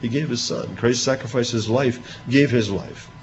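Man preaching an animated sermon. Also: medium pitch, moderate pace, a little hiss or hum. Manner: animated retelling, voicing quoted speech with rising emphasis. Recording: dull lo-fi recording with faint ambience.

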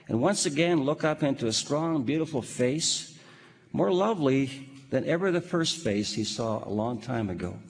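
A man preaching a sermon in a measured, emphatic way, posing rhetorical questions and reading scripture. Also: fairly high pitch, vocal fry, in a large hall.

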